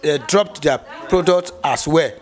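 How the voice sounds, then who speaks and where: A man's voice: a little high, a little slow. A man explaining prices in an interview, hesitant with many fillers. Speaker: cement trade guest.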